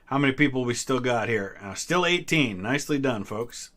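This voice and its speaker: This Ohio man in his thirties hosts a history channel, fielding viewer questions in a relaxed live-stream trivia chat with little hesitations here and there. He talks at a moderate pace in a mid-range, expressive voice that's a touch bright.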